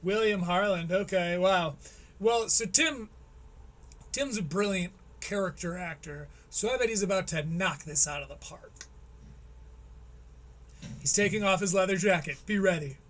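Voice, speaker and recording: Male stream host, high voice, sarcastic play-by-play commentary with plenty of swearing. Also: measured pace, long pauses, fairly bright tone. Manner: sarcastic, profane, mocking. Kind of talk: live-stream commentary on a clip.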